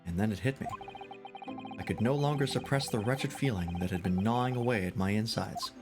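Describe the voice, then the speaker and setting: A man streaming a story game, reading the lead's lines and narration in a measured, plain way. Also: fairly low pitch, music in the background. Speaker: streamer voicing a game's story.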